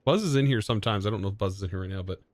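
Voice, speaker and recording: A man's voice: fairly low pitch, rapid-fire, darkish tone, no echo. Man thinking aloud while gaming, dry sound. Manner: thinking aloud, hesitant, with frequent self-corrections. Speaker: streamer. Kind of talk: live gameplay commentary.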